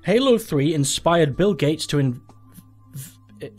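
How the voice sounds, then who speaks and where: A man's voice: on the high side, expressive, takes it slowly, darkish tone, slightly rough, soft background music. A young man hosting a gaming channel, commenting casually and sweary as he plays a quiz game, thinking aloud in disbelief.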